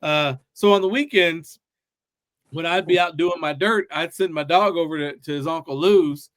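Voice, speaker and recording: A man hosts a casual podcast chat and tells stories with animated, swearing energy. His voice runs high for a man. It is recorded close and dry. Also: normal speed, no echo. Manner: animated storyteller, swears freely. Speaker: podcast host.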